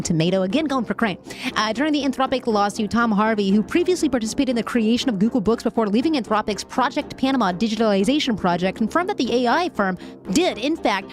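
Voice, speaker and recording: A woman with a high voice hosts a casual live stream. She reads news articles aloud and stops to vent and laugh, talking to her chat. Faint music plays underneath. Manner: emotional, frequently laughing and venting. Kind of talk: live-stream news commentary, chatting with viewers.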